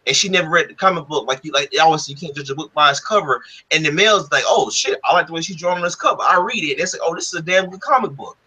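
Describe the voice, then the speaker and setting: Man, fast talker, bright forceful voice, heated profane rant, casual podcast. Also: a little high, slightly rough, poor audio. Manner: profane, fired-up, quotes others in mock exchanges. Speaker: comic book creator and podcast host.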